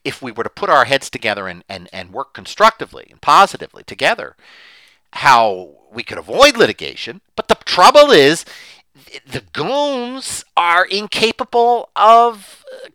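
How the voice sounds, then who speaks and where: A man talking in a rambling monologue, repeating words and rising loud and high when indignant. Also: no echo. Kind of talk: casual monologue.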